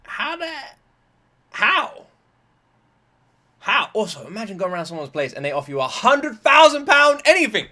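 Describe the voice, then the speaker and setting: A man with a British accent giving casual reaction commentary, excitable and swearing often. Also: extremely high pitch, normal speed. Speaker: reaction video host.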